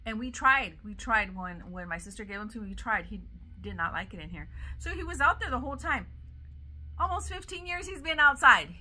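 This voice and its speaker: A woman's voice: a little high, lively intonation, brisk, bright, forceful tone, slight background noise. A middle-aged woman vlogger chatting casually about her dogs and thrift-store finds, gushing and a little defensive. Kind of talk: casual vlog chat.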